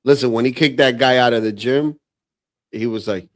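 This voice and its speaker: A man's voice: medium pitch, moderate pace. A man co-hosting a casual group chat, speaking in loose, profane slang. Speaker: podcast co-host.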